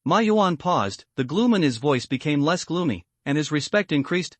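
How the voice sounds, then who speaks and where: Reading a translated comic aloud as a recap narrator, this man keeps his delivery even and steady. He is fairly high-pitched, moves at a moderate pace, and there is no room sound.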